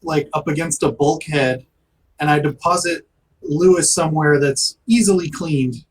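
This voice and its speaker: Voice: mid-range voice, moderate pace, rough recording. A player in a tabletop role-playing game, talking casually with hesitant, stammering restarts.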